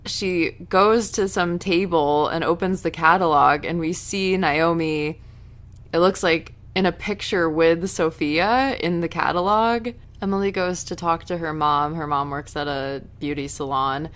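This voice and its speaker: A woman casually recapping a TV episode in a chatty, animated way, now and then breaking into loud outrage. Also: fairly low pitch, a little slow. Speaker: TV recap host.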